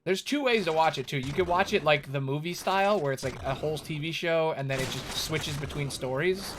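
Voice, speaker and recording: A man's voice: on the high side, a little fast, background noise. A man streaming a game and chatting casually with his viewers, rambling and restarting his sentences as he goes. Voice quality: rambling, talks to chat with many restarts. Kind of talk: casual live-stream chat while gaming. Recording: game music playing loudly underneath. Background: video game music.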